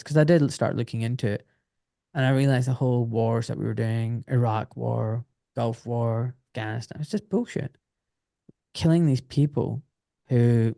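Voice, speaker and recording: A middle-aged British man telling stories on a podcast, lively and loose, swearing as he goes and slipping into the voices of people he quotes. His voice is mellow and warm, and it sounds close and dry. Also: mid-range voice, creaky, dry recording. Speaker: podcast guest, former doctor. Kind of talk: casual podcast storytelling.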